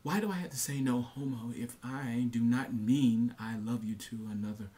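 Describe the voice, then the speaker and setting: A man's voice: mid-range voice, moderate pace, warm tone. Earnest man rambling to camera. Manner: earnest, repetitive, many fillers and restarts. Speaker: vlogger. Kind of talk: casual monologue to camera.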